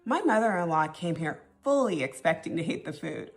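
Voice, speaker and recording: A woman's voice: on the low side, big pitch swings, normal speed. An American woman in casual vlog talk, conversational and full of personal anecdotes. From United States. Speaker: social media commentator.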